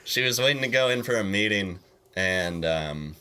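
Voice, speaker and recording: A young man co-hosting a podcast, telling a story in animated, hesitant casual chat with many fillers. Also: lowish voice, moderate pace, clean tone. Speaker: podcast co-host.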